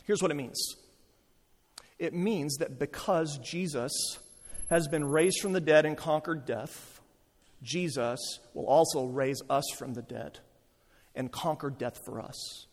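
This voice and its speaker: Preacher guy, kinda high voice, gets worked up repeating lines, big echoey church sound. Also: slow. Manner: builds to impassioned repeated refrains. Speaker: pastor. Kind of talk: sermon. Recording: long hall reverb.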